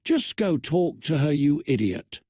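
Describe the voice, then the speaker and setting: A man's voice: on the high side, sing-song, a little slow, mellow, breathy edge, dry recording, clean studio sound, exaggerated voice. A man doing a bossy, blunt teenage girl. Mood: demanding.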